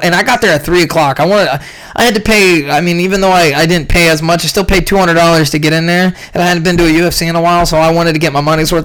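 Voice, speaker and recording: A young man ranting casually about a fight event, profane and rambling, clearly irritated. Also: on the high side, a bit bright. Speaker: podcast host recapping a fight event.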